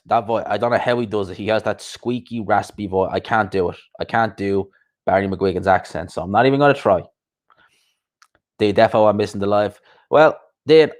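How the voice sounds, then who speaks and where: Low-voiced man chatting casually. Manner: rambling and conversational, reads out and answers viewer comments. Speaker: host of a live boxing chat show. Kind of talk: casual live-stream chat.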